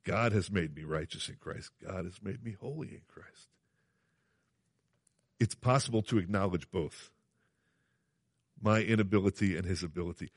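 Low-ish guy preaching a sermon, earnest, keeps asking "do you see", dry close sound. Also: normal speed, long pauses, slightly rough, no room sound. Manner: earnest, emphatic, repeats phrases, asks the congregation questions.

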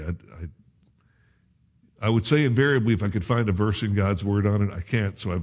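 Husky man preaching conversationally. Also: lowish voice, a little fast, pauses often, darkish tone. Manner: conversational preaching with self-corrections and asides. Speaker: pastor. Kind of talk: sermon.

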